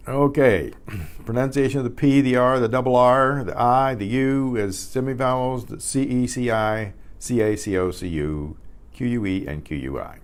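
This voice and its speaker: An older man teaching beginner Spanish, patiently spelling out letters, repeating words and often clearing his throat. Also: medium pitch. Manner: frequent throat clearing and self-corrections. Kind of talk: beginner language lesson.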